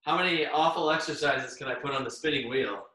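A man's voice: on the high side, brisk, bright, forceful tone. A man leading a live online workout class, cheering on participants by name and getting out of breath as he exercises along. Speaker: fitness instructor. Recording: very echoey room, far from the mic.

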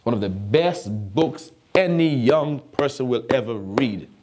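A man's voice: mid-range voice, lively intonation, unhurried, a little mellow. Emphatic man preaching a sermon. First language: not English. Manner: emphatic, repeats phrases, asks the audience if they are listening. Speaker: pastor.

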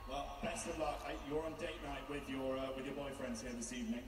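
Fast-talking presenter in an echoey hall. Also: male voice, mid-range voice, fairly even intonation. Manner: teasing, quick-fire banter. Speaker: awards show presenter. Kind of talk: jokey broadcast presenting. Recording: echoey broadcast audio from a distance, with noise.

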